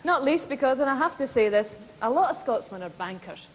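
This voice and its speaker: A woman's voice: sits high, lively intonation, fairly quick, long reverb tail, poor audio. A Scottish woman presenting a TV comedy show, delivering scripted links in a dry, wry way.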